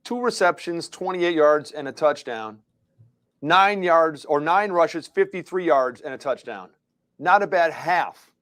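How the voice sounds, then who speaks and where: A middle-aged man with a slightly high voice, rambling through a story with lots of restarts. The sound is dry and close. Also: animated, unhurried, a bit bright, no room sound. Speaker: co-host. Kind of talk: casual live show banter.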